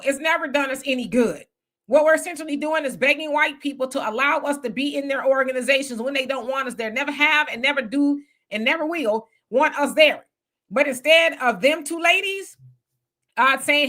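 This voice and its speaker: A woman hosting a live commentary stream with a high, bright voice. She talks loosely and conversationally, firing off emphatic rhetorical questions one after another. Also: a little fast. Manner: loose conversational street talk. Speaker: commentary host. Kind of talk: livestream commentary.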